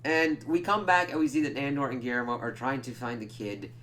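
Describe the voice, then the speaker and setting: A man's voice: medium pitch, fairly quick, fairly bright tone, a little hiss or hum. A man giving a loose, casual recap of a TV episode, swearing freely and using lots of fillers. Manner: loose, profane, full of "like" fillers. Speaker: TV reviewer.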